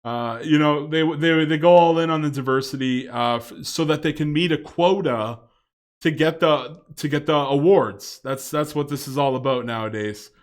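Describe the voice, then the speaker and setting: A man's voice: on the high side, moderate pace. A man giving a casual, rambling video commentary, with many fillers and chuckling asides.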